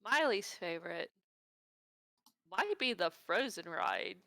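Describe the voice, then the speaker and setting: A woman's voice: lowish voice, animated, slow pace, vocal fry, sharp tone, no echo. Woman in a podcast chat, dry teasing remarks, sound is dead dry. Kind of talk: casual chat.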